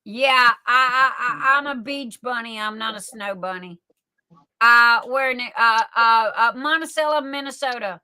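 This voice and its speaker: A woman's voice: a little high, measured pace, bright, forceful tone, clean tone, no echo, rough recording. A woman telling folksy stories in casual livestream chat, often repeating and restarting words. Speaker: livestream guest.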